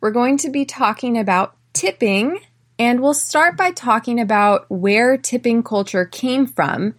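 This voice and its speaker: An American woman hosting an English-learning podcast, telling personal stories and drilling phrases slowly for listeners to repeat. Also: medium pitch. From United States. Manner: clear, slow drilling in repeat-after-me phrases; chatty, often tags lines with "right?". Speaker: podcast host and English teacher. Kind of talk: podcast lesson.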